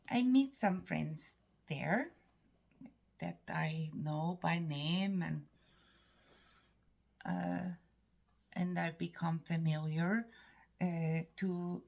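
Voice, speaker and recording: A Canadian woman vlogging about her day, speaking haltingly with many pauses and fillers. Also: on the low side, creaky, darkish tone. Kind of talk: personal vlog talk.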